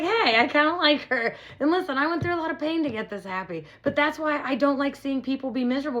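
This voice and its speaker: Woman psychic medium, casual vlog to camera; blunt, animated, swears, emotional. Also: mid-range voice. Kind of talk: casual direct-to-camera talk.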